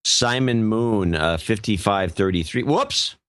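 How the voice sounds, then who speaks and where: A man's voice: on the low side, expressive, measured pace, a bit bright, clean tone, no room sound. A male podcast co-host in casual chat, reading out donor names in an offhand way and stumbling over some of them.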